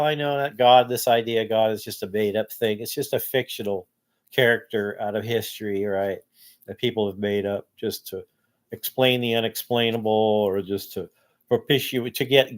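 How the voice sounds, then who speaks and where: A man in his sixties talking in a casual vlog monologue, tired and worn out, halting with many restarts and rising into angry rants. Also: medium pitch. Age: 60s. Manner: halting, many restarts, rises to loud ranting. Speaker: vlogger.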